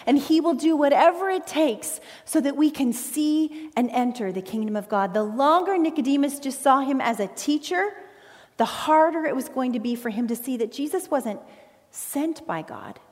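A woman pastor preaches a sermon in an earnest, emphatic way, leaning on pauses. Her voice sits a little high. It rings out with a long reverb, recorded in a church sanctuary. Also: expressive, darkish tone.

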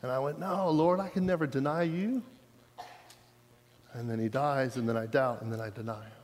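A man's voice: mid-range voice, steady tone, normal speed, a little mellow, a little hiss or hum. A man preaching a sermon, retelling a story in a casual, conversational way and building to fervor. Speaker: pastor. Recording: long hall reverb.

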